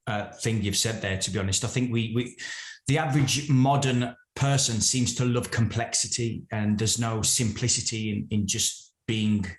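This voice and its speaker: A man's voice: on the low side, fairly even intonation, moderate pace, echoey room. A man hosting an interview, reflecting thoughtfully and asking his guest questions. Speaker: podcast host. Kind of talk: conversational interview.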